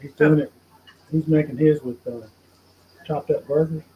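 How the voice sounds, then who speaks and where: A man's voice: a little high, steady tone, moderate pace. An older man hosting a casual home cooking video, folksy and joking as he talks to the viewers. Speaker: host. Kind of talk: casual chat addressing viewers. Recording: dull lo-fi sound with faint noise.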